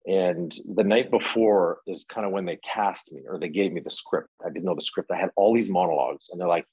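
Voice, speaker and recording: A man with a very low, husky voice talks through his acting stories in a relaxed interview. He rambles and restarts often, recorded close and dry. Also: brisk, dry recording, rough recording. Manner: rambling, many fillers and restarts. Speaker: actor, interview guest. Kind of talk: casual interview storytelling.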